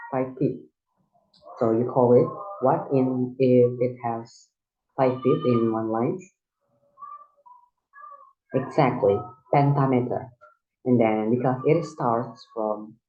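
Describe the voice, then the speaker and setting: A man whose first language is Indonesian gives a recorded lesson, explaining step by step in a halting way with frequent restarts. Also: medium pitch, dark tone. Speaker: student teacher. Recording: dull lo-fi recording.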